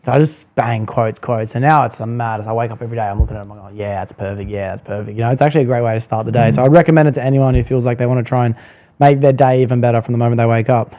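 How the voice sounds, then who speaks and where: Male podcast host, mellow low-key tone, earnest and reflective. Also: fairly even intonation, very fast. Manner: earnest, laid-back, reflective. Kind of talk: casual reflective chat.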